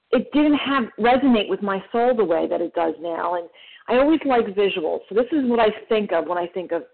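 A woman sharing at a recovery meeting, telling a parable and acting out the voices of the people in it. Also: mid-range voice. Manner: storytelling, acts out voices in a parable. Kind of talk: emotional recovery share. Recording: phone-line call audio.

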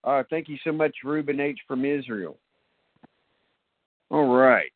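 A man chairing a recovery phone meeting, thanking speakers and keeping time in a polite, brisk way. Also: medium pitch, dry recording. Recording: phone line.

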